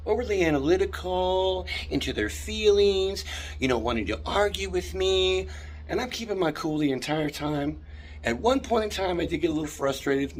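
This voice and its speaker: A man telling an indignant, animated story in a ranting vlog, filmed on a handheld phone in a hotel room. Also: a little high, slight background noise. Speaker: vlogger.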